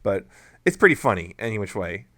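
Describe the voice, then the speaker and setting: A man's voice: fairly low pitch, very animated, a little fast, pushed and bright, no room sound. A man co-hosting a fan podcast, giving frank, hedging opinions in casual chat. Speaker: podcast co-host.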